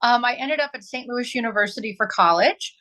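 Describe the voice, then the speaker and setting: A woman's voice: on the high side, a little fast, pushed and bright, low-quality recording. A woman in her forties from southern Illinois, answering interview questions earnestly as an arts nonprofit director, with many ums.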